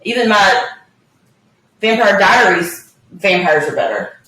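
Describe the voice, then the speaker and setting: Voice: mid-range voice, slow pace, pushed and bright. A podcast guest in a casual movie chat, putting in short, dry remarks. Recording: very echoey, distant mic, faint noise.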